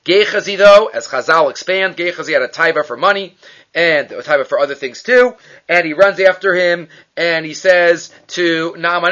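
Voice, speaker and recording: A man teaches a casual Bible class, his voice bright and a touch higher than most. He mixes Hebrew words into English and acts out the characters' lines. The recording is dull and lo-fi. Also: moderate pace. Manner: lively storytelling, acting out quoted lines. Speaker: Torah teacher. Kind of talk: informal Bible class retelling.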